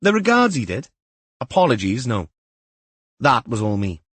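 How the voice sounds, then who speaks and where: A man's voice: medium pitch, sing-song, normal speed, fairly bright tone, husky, no room sound, pitched above the performer's own voice. A man voicing an eager, jokey young detective constable. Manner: eager, upbeat, joking.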